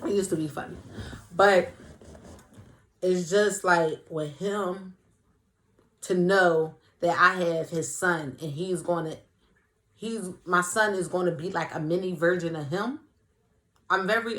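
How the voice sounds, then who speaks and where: A woman's voice: fairly low pitch, a little slow, long pauses, fairly bright tone. A young woman chatting casually to camera as host of her own vlog, playful and talkative. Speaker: vlogger, show host.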